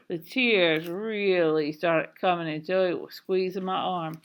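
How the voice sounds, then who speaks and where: A woman reading a children's novel aloud in a slow, expressive storytelling manner. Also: lowish voice, smooth. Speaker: reader.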